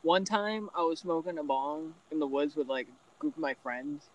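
A man's voice: on the high side, normal speed, muffled recording. A young man chatting casually with friends outdoors at night, rambling through a story and acting out the quotes. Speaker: podcast co-host. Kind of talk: casual chat among friends.

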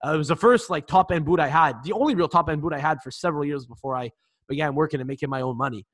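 A man's voice: on the high side, very fast, fairly bright tone, dry recording. Man in his twenties, casual podcast co-host, swears a lot, restarts often, dry close sound. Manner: swears freely, laughs, many restarts. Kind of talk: casual chat.

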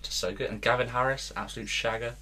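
A man co-hosting a casual podcast, laughing through an animated retelling of a film. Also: mid-range voice, fast. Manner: giggly, animated retelling with put-on quotes. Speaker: podcast co-host. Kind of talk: casual chat.

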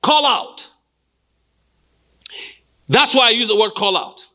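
A man preaching a sermon as pastor, emphatic and repetitive, building up to shouts. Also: high voice, a little fast. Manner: emphatic, repeats phrases, rises to shouts.

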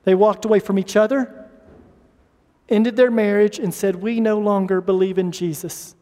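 A man's voice: high voice, fairly even intonation, moderate pace, a little mellow. A man preaching a sermon to his church, impassioned, sometimes acting out people pleading in prayer. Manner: impassioned, acts out pleading voices. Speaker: pastor. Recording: reverberant hall.

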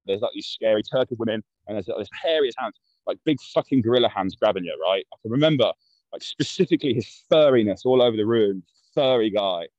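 On a lo-fi podcast with dull, dry sound, a male guest from London tells a rambling story, blunt and full of swearing. He talks quickly and animatedly in a lowish, darkish voice, with no room sound.

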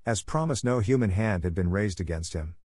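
A man reading a fantasy novel aloud in a measured storytelling manner. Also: deep voice, expressive, a little mellow, dry recording, studio quality. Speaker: audiobook narrator. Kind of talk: scripted narration.

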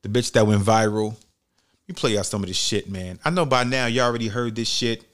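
A man's voice: lowish voice, brisk, a bit bright. A young man from New York City hosting a podcast, giving blunt, profane, heated commentary in casual talk. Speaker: podcast host.

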